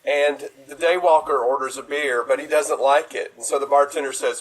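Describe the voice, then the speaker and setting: A man performing in an improv show, telling a quick pun joke with a relaxed, deadpan punchline. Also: mid-range voice, rough recording.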